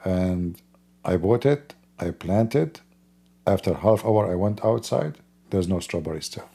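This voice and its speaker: A man's voice: sits low, a little slow, gravelly, dark tone, slightly rough. A man hosting a livestream, talking in a mocking, sarcastic way. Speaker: host. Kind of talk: livestream commentary.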